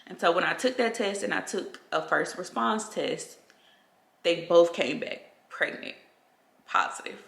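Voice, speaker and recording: A woman's voice: lowish voice, a little slow, vocal fry, a bit bright, slight background noise. A young woman vlogger telling a personal story to her viewers at home, chatty, often calling them y'all. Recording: roomy echo.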